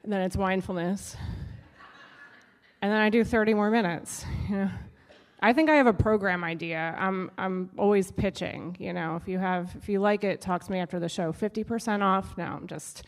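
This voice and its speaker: A woman's voice: medium pitch, steady tone, moderate pace, in a large hall. A young adult woman doing a stand-up set on stage, wry and self-deprecating with punchy delivery. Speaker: stand-up comedian. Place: stage of a live show.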